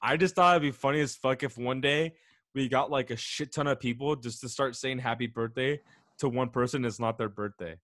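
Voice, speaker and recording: A man's voice: mid-range voice, fairly quick, a bit bright, dry recording, studio quality. A young man co-hosting a podcast, rambling casually with many fillers. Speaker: podcast co-host. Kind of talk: casual chat.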